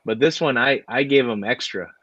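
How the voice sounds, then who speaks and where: A man, a guest wrestler, telling stories in a relaxed way, with lots of fillers and laughter. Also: mid-range voice, moderate pace, breathy edge, dry recording. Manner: laid-back, many fillers, laughs while telling stories. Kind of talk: casual storytelling. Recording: dry, dull lo-fi audio.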